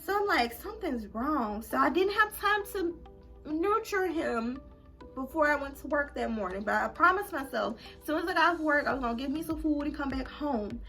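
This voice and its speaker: A young adult woman telling a story for her vlog in an animated, emphatic, slangy way. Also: high voice, normal speed, faint music behind. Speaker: vlogger.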